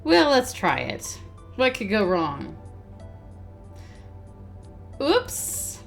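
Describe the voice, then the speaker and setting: A woman's voice: mid-range voice, extremely slow, creaky, soft background music. Woman casually commenting on a game. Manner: relaxed, amused, reads game text aloud. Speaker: host. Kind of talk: casual let's-play commentary.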